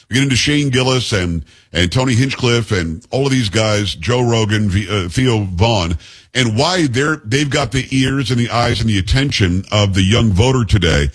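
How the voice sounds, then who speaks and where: A man's voice: fairly low pitch, breathy edge. A man hosting a political talk radio show, delivering an emphatic monologue in short, punchy declarations.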